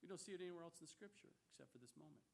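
A man preaching a sermon in an animated, emphatic way, mixing casual slang into his teaching. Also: a little high, rapid-fire, gravelly.

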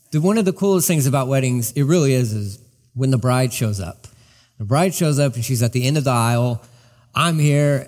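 A man preaching a sermon as pastor, in an animated, conversational way with personal asides. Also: mid-range voice. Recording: long hall reverb.

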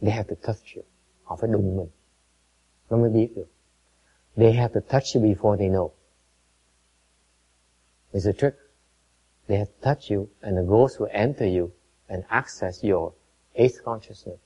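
A man giving a Buddhist dharma talk, telling a story in a halting way with many repeated words and switches between two languages. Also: lowish voice, mellow, slightly rough. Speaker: Buddhist teacher. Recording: dull lo-fi recording.

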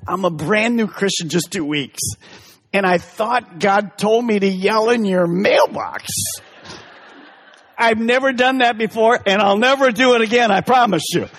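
Pastor doing a jittery young guy, high and breathless, loud and rushing, kinda husky, all panic and apologies. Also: lively intonation. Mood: pleading. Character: frantic young man, brand-new believer.

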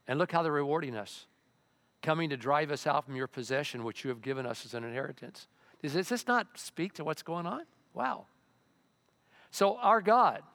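A man's voice: on the high side, fairly bright tone. An older man preaching a sermon as a pastor, impassioned and repeating words as he acts out prayers. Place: church sanctuary. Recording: long church hall reverb.

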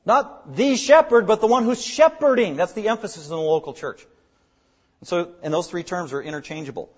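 A man with a high voice preaches to his congregation as their pastor. He explains terms step by step and hammers key words through repetition. The recording sounds dull and lo-fi. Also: husky. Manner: explanatory teaching, emphatic repetition. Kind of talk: sermon.

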